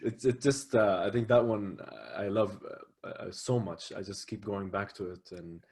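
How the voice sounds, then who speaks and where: Husky, hesitant podcast host. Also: male voice, on the low side, normal speed, a little mellow. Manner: hesitant, many fillers and restarts, encouraging. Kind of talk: casual interview chat. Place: podcast studio.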